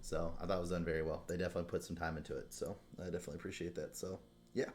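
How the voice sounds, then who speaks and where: Young guy hosting a podcast, lowish voice, cusses a ton, gets fired up and blunt. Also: level tone, very fast, a little mellow. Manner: blunt, heavy swearing, fired-up rants. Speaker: podcast host. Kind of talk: casual podcast chat.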